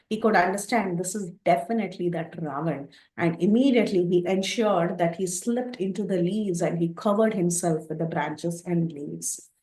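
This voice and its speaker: A woman's voice: on the low side, darkish tone. A woman teaching a scripture class, retelling the story with explanatory asides. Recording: echoey room.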